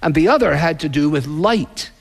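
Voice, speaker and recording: A man's voice: fairly high pitch, lively intonation, normal speed, vocal fry. A man preaching a sermon in an earnest, conversational way, with rhetorical questions. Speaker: pastor. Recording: long reverb in a large hall.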